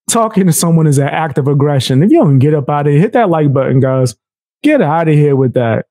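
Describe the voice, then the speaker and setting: A man's voice: on the high side, lively intonation, fairly quick, dark tone, dry recording, clean studio sound. Slangy laid-back male streamer. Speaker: streamer reacting to clips. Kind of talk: casual reaction stream chat.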